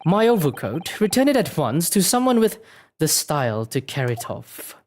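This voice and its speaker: A man voicing a pompous, refined gentleman with slow, drawn-out, haughty speech in a detective game. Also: on the high side, big pitch swings.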